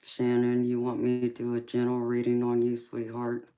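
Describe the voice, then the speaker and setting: A woman hosting a tarot livestream, chatting softly with viewers and calling them sweetheart and honey. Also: very deep voice, monotone, normal speed. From mixed Japanese, Polynesian, English, Irish and Scandinavian heritage. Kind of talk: casual livestream chat reading out viewer comments.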